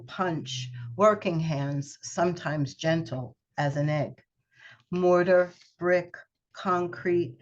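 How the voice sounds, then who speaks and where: A woman poet reading her poems aloud on a video call, in a measured, unhurried way. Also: deep voice. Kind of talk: poetry reading. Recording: muffled video call audio.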